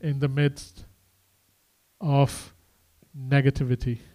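A man preaching a conversational sermon, swinging between quiet and emphatic delivery and speaking to the crowd as "guys" and "man". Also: medium pitch, little pitch movement, slow. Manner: addresses listeners casually as "guys" and "man".

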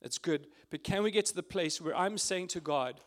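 A man's voice: high voice, moderate pace. Earnest, tearful man sharing a testimony. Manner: earnest, emotional, with frequent fillers. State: tearful at times. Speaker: speaker at a prayer meeting. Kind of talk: informal testimony and prayer.

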